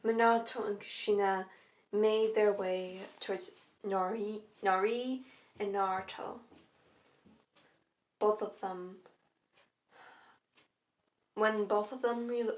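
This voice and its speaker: A woman's voice: medium pitch, steady tone, slow, long pauses. A woman narrating a fan story casually, stumbling, restarting and apologizing to listeners. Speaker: fan fiction reader. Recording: echoey room.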